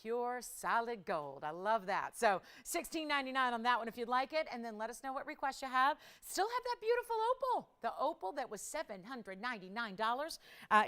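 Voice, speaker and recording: Chatty woman hosting a TV jewelry sale. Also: sharp tone. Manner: upbeat, chatty, fast-moving pitch. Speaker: jewelry shopping show host. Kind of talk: live TV shopping sales pitch. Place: TV studio.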